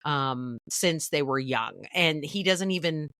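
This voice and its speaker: Woman, podcast host, bright tense tone, lively swooping pitch, gushing and giggly. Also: no room sound, studio quality. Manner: bubbly, gushing, quick to laugh. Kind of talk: casual interview chat.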